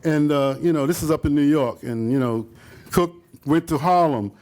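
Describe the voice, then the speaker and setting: This older photographer's voice sits on the high side with a darkish tone and an ordinary pace. Rambling to a live audience about his photos in a relaxed slideshow talk, he leans on fillers and asides and performs quoted lines in different voices.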